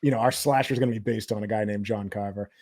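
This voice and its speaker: A man's voice: fairly low pitch, fairly even intonation, quick pace, darkish tone, no echo, clean studio sound. A man hosting a movie review podcast, talking casually in a rambling way, often restarting and hedging his points. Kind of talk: casual chat.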